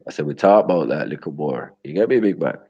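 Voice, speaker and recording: Deep husky man, lo-fi. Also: lively intonation, fast talker. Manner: loose, slangy, laughing, keeps asking "get me?". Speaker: livestream host. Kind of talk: casual ranting commentary. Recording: dull lo-fi audio.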